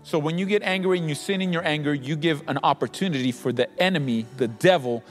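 A man's voice: on the high side, fast. A man preaching in an emphatic way, repeating phrases to drive points home. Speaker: co-host teaching on faith. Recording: long reverb with faint music behind.

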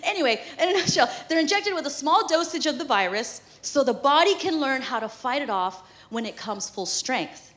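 High-voiced woman preaching a sermon. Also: animated, moderate pace, hardly any pauses, a bit bright. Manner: conversational and humorous, laughing often. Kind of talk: sermon with prayer and personal story.

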